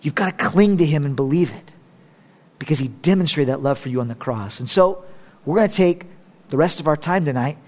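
A pastor preaching a sermon. He jokes a little, then moves from loud, high exhortation to hushed, low prayer. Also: animated, fairly quick. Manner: joking asides with laughter. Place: church service.

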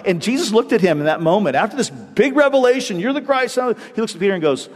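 A man's voice: sits high, fast talker, hardly any pauses, big-room sound. A man preaching a sermon, telling a story with energy and acting out the quotes in different voices. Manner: animated storytelling, acts out quotes in shifting voices. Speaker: pastor.

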